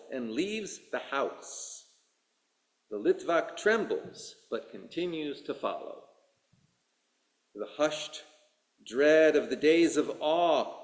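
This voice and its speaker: A man, a rabbi, tells a story from the pulpit at an unhurried pace, his fairly high voice rising and falling with lively swings. The sound carries the echo of a roomy sanctuary around him. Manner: slow, expressive storytelling with voiced dialogue. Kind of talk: story read aloud in a sermon. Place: synagogue sanctuary. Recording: echoey room.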